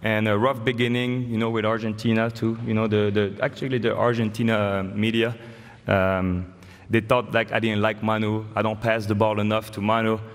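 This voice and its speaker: A man's voice: on the low side, little pitch movement, moderate pace. A man in his forties with a French accent gives a joking, story-filled acceptance speech at a podium. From France. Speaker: honoree giving an induction speech. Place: large hall. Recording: reverberant hall with faint ambience.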